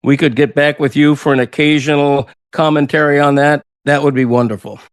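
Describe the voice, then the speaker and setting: A man's voice: on the high side, fairly even intonation, fairly quick, clear, resonant tone, no echo, studio quality. A man hosting a radio talk show, interviewing a guest in an earnest, complimentary way. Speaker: host.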